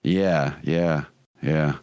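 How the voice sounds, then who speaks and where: A man's voice: very deep voice, steady tone, drawn-out words, a little mellow, smooth, no room sound, studio quality. A man co-hosting a podcast, chatting casually, swearing often and laughing as he rambles. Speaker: podcast co-host. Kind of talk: casual chat.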